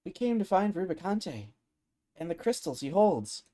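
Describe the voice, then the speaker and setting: A man's voice: high voice, very animated, moderate pace, dark tone, voice pushed up. A man voicing a brash, hot-headed young ninja prince in a half-joking, mock-heroic reading while dubbing a game live. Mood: defiant. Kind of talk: live game dub over cutscenes.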